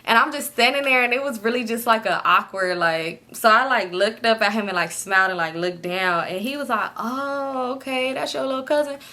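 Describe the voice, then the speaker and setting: A young woman telling a personal story in casual chat, animated, acting out what people said and laughing often. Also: fairly quick, few pauses. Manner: animated, acts out quotes with pitch jumps, laughs often. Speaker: storytime vlogger.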